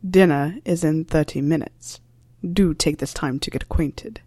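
A woman voicing a stern, sardonic male wizard with a dry, measured delivery. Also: sits low, dark tone, slightly rough, dry recording, voice pushed down. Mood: cold.

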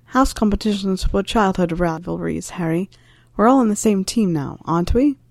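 A woman voicing a friendly young witch who calms the others down. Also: medium pitch, normal speed, vocal fry, no room sound, studio quality. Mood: reassuring. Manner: reassuring.

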